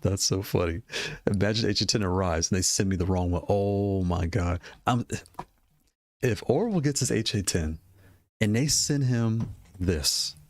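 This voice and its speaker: Browsing game controllers, a gaming hardware video creator talks about them in a loose, rambling way, often repeating himself and laughing. His voice is fairly low and his speed is normal.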